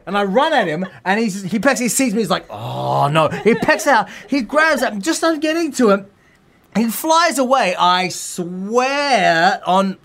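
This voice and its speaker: An Australian man co-hosts a relaxed chat, spinning anecdotes. His pitch leaps and dips all over the place, and he breaks into shouts when he gets worked up. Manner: animated storyteller, swings into loud outbursts. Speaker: co-host. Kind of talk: casual chat.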